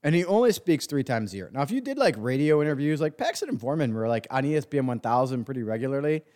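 A man hosts a sports podcast in a ranting monologue. He is sarcastic and profane, full of fillers, and his pitch swings widely as he works himself up. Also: expressive, quick pace, a little mellow. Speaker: podcast host.

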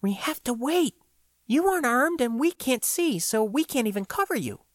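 A man voicing a firm female security officer, high and urgent. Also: lively intonation, normal speed, dry recording, studio quality. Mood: insistent.

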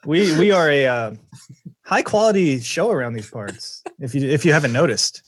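Husky guy on a podcast, kinda high voice, dry close mic, stumbles and jokes around. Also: expressive, moderate pace, no room sound. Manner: joking, stammers and restarts often. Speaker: podcast host. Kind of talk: casual chat.

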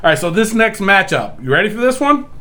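A man's voice: high voice, big pitch swings, quick pace, sharp tone. A man hosting a casual podcast chat, laughing often as he runs the discussion. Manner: laughs often, tiebreaker running the bracket. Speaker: podcast host.

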